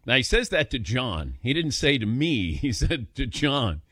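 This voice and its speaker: A man's voice: medium pitch, takes it slowly, dry recording, studio quality. A man hosting a sports call-in radio show, telling stories with chuckles and taking calls. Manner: animated storyteller, chuckles while telling.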